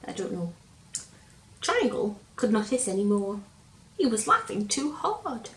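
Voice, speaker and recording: A woman reading a picture book aloud to a child, slowly and gently, stopping to ask him questions. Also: medium pitch, big pitch swings. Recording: roomy echo, faint hum.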